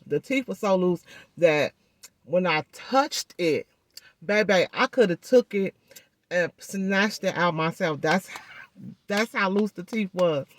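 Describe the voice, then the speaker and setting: A woman's voice: lowish voice, takes it slowly, no room sound. A woman talks straight to her viewers in a loose, chatty vlog manner, often calling them "y'all". Her words come out thick and muffled because her jaw is swollen and gauze fills her mouth. The recording is dry and close, with no room sound. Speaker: vlogger. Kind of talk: casual vlog chat.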